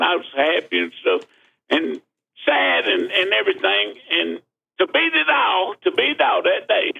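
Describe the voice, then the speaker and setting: A man calling into a radio show, rambling through a folksy, animated country story. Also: high voice, vocal fry, slightly rough. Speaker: caller. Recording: tinny phone line.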